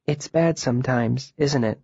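A man reading a story, voicing a gentle young girl who speaks softly and tenderly to comfort a friend. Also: medium pitch, measured pace, gravelly, breathy edge, dry recording, highs cut off. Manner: soft, hushed, tender.

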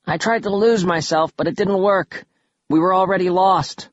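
A man's voice: high-pitched, moderate pace, no room sound, lo-fi sound, voice pushed up, lightly acted. A man doing a sarcastic raised-voice scholar companion. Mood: indignant wry. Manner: sarcastic, indignant. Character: grumbling quick-witted male scholar companion. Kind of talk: audiobook reading.

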